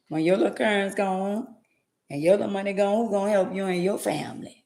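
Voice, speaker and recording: A woman's voice: medium pitch, fairly even intonation, a little fast, mellow. Emphatic preachy woman, roomy echo. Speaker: vlogger. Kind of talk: faith-based motivational monologue.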